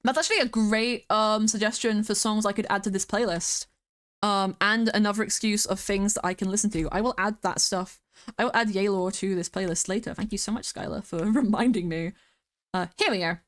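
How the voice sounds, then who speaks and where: A young woman from Britain streams a game, chatting casually, rambling, giggling and sometimes singing along to the music. She speaks briskly in a mid-range voice with fairly even intonation.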